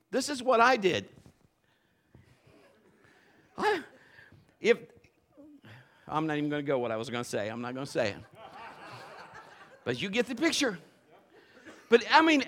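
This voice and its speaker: A man preaching at a church service, a pastor who tells stories with plenty of animation. His voice sits a little on the high side and swoops up and down a lot as he acts out the people in his story. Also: very animated, normal speed, fairly bright tone. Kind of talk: sermon with personal story.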